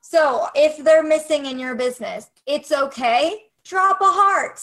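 A woman's voice: high-pitched, measured pace, a bit bright, poor audio. A woman coaching photographers on a casual livestream, upbeat and encouraging, speaking straight to her viewers.

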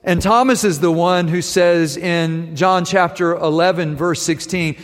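A man's voice: a little high, moderate pace, few pauses, big-room sound. A man preaching a sermon in a conversational way, with wry asides to his congregation. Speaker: pastor.

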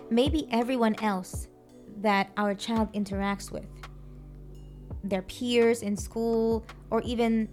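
A woman with a somewhat high voice gives a reflective monologue about raising children. She talks earnestly, repeats phrases as she works through each point, and keeps checking in with her listeners. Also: steady tone, takes it slowly, darkish tone, faint music behind. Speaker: parenting speaker.

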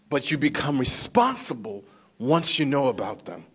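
A man's voice: medium pitch, moderate pace, slightly rough. A man in his thirties preaching a sermon, telling a story with rising intensity and asking the congregation rhetorical questions. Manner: animated storytelling, rising to emphatic outbursts, rhetorical questions to the crowd. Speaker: pastor.

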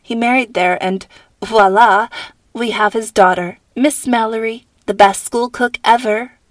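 A woman's voice: fairly high pitch, fairly even intonation, a little slow, no room sound, lightly acted. A woman voicing a chatty, confiding teenage girl.

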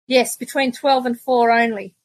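A woman's voice: on the high side, steady tone, normal speed, no room sound, poor audio. A middle-aged Australian woman, a podcast guest, telling stories in casual chat and laughing often. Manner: chatty storyteller, laughs often.

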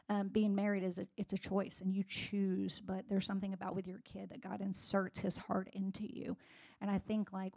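A woman's voice: medium pitch, vocal fry, warm tone. A woman in her forties giving a sermon-style personal talk to a congregation, conversational, with many fillers and restarts. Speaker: speaker at a church gathering.

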